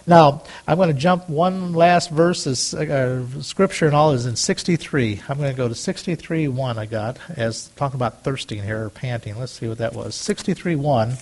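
A man preaching a conversational sermon, reading scripture aloud, with frequent restarts and louder, higher bursts when voicing prayers. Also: moderate pace. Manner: rises loud and high on prayers. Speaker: pastor.

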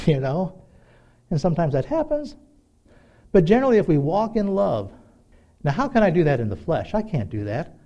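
A middle-aged man preaching a sermon in a conversational, animated way, acting out little dialogues. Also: on the high side, a little fast, muffled recording. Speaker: pastor.

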